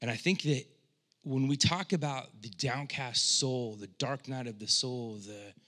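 A male pastor delivers a sermon in a bright, forward voice. He talks in a loose, conversational way, then drops to a hush before rising into fervent, loud appeals. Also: measured pace. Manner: swings from hushed, low delivery to loud impassioned cries; conversational, with frequent "like" and restarts.

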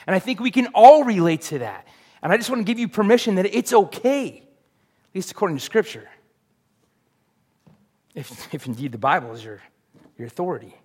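Brief: male pastor, somewhat high voice, earnest sermon delivery that swells at key points. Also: big pitch swings, normal speed, long pauses, a little mellow, husky. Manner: earnest, confessional, swells to emphatic peaks.

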